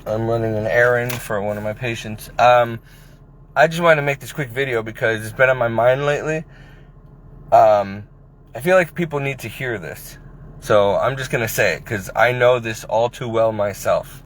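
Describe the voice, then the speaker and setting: A man's voice: medium pitch, normal speed, a little hiss or hum. A man in his forties talking in a casual personal vlog, rambling and hesitant with many restarts, recorded on a phone. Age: 40s. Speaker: vlogger. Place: at his workplace.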